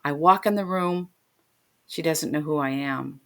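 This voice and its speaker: Low-voiced middle-aged woman telling a story. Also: unhurried, a bit bright. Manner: vivid, emotional, acts out quoted voices. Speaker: podcast guest. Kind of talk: personal storytelling.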